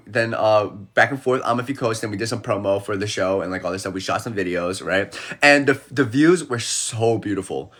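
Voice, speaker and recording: Lively young man on a phone livestream. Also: mid-range voice. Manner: animated storyteller who acts out the people he quotes. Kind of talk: casual livestream chat.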